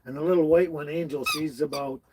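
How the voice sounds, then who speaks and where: Heavy background noise surrounds this fairly quick, higher-pitched male voice. He's a livestream host from British Columbia, Canada, chatting casually from a tiny house near his dogs and greeting each viewer by name in a homespun manner.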